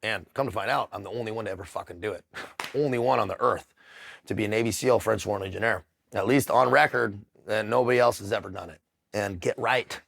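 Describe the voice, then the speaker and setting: A middle-aged man telling his story in a casual interview, blunt and profane, with frequent halting restarts. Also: on the low side, creaky, a bit bright. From United States. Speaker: interview guest.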